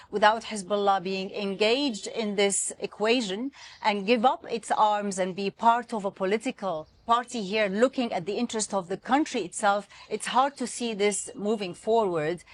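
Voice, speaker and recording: A female foreign correspondent who explains events at length, speaking steadily and fluently over a remote link in a news interview. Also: mid-range voice.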